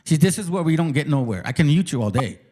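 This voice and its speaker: A man's voice: on the high side, expressive, fast, darkish tone. A man hosting a live online debate, combative and profane, who interrupts constantly and repeats himself. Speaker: host of a live debate stream.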